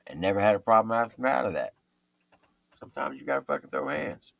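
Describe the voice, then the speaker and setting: Gravelly, lively-voiced veteran storyteller. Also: male voice, mid-range voice, fast talker, no echo. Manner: animated, profane storyteller. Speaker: military veteran guest. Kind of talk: casual storytelling.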